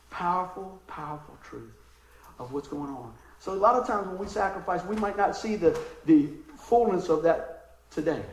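A man preaching a sermon, telling stories in a conversational way and breaking into loud bursts of emphasis. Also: on the high side, echoey room, slight background noise, rough recording. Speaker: pastor.

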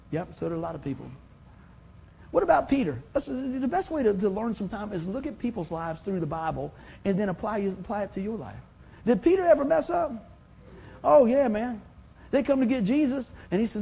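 A middle-aged man preaching a sermon as pastor, talking to the congregation in a conversational, animated way with sudden loud exclamations. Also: high voice, moderate pace, gravelly, pauses often, breathy edge.

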